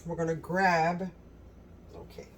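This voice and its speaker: A woman hosting a home cooking video in her kitchen, gushing with excitement and talking straight to her viewers in a casual way. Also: fairly low pitch, takes it slowly, distant mic, a little hiss or hum, low-quality recording. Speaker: cooking channel host.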